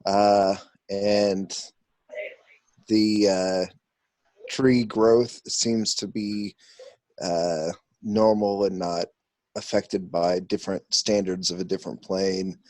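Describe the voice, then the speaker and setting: A man's voice: low-pitched, steady tone, slow pace, darkish tone, no echo. A man playing a tabletop role-playing game, describing his character's actions with many hesitations. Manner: hesitant, full of restarts and fillers. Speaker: player.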